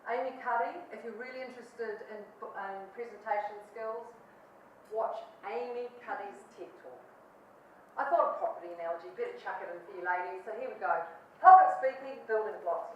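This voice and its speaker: A woman with a New Zealand accent, a public speaking coach giving a lively, jokey, emphatic talk to an audience. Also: medium pitch. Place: large echoey hall. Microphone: distant mic. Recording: echoey hall from far off, faint noise.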